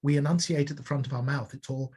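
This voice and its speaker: A man's voice: on the high side, quick pace, darkish tone, breathy edge. An older man from Liverpool with a Liverpool accent, co-hosting a casual chat and rambling playfully between tangents. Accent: Liverpool English. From Liverpool, England. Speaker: co-host.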